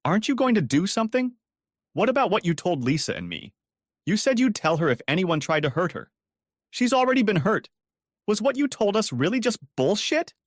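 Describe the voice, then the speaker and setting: A man's voice: mid-range voice, sing-song, moderate pace, no echo, studio quality. A man voicing a worried, indignant woman who urgently pleads with a friend to help, in a storybook audio reading. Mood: furious.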